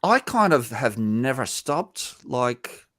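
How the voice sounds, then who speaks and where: A man's voice: mid-range voice, sing-song, takes it slowly, fairly bright tone, dry recording, studio quality. A man hosting a live-stream panel, chatting loosely with many fillers and restarts. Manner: rambling, loose, with frequent fillers. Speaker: host.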